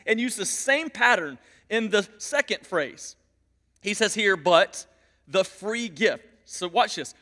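A male pastor preaching a sermon in a church, emphatic and repetitive, dropping to a hush and then building loud. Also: high voice. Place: church sanctuary. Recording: long reverb of a large hall.

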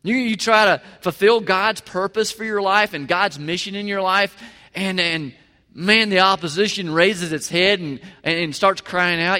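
A man preaches in church as a pastor, keeping it conversational and emphatic and frequently asking listeners questions. His high-pitched voice sounds bright and forceful, and he takes his time. A large hall's long reverb colors the audio.

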